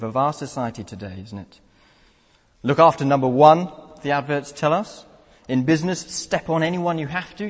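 A young man delivers an earnest sermon, leaning on rhetorical tag questions. His voice is slightly husky, and it carries a long reverb from the church hall. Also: mid-range voice. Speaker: preacher.

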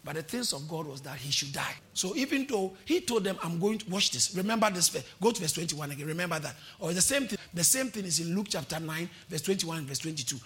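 High, bright-voiced preaching man. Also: animated, quick pace, few pauses. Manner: impassioned, often shouting, with call-and-response; quotes verses then explains them. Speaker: pastor. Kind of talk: sermon.

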